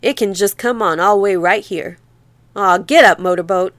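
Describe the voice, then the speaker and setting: This is a woman performing a young man in a storybook who is desperate to outrun a flood. He speaks with a rural Southern drawl, pressing and insistent. The voice stays smooth and dry, as if close to the mic. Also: medium pitch, moderate pace, a bit bright, dry recording, close to an everyday voice. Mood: urging.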